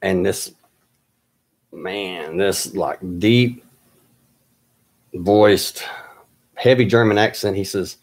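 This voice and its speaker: A man telling a personal story in a halting way, pausing often with fillers and restarts. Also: sits low.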